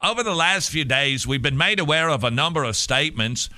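A man doing a deliberately shaky British accent, reading out a formal statement as a stiff male spokesman. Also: a little high, expressive, pushed and bright, pitched above the performer's own voice. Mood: stiffly formal. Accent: attempted British accent. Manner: formal, clipped, mock-official.

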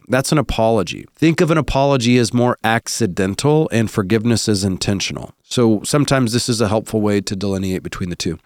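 A man with a slightly low voice hosts a teaching podcast, earnest and explanatory as he walks through his points. The sound is dry and close, with no room around it. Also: fairly quick, hardly any pauses, darkish tone, no echo. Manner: earnest, explanatory, cites scripture references. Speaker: host and counseling professor.

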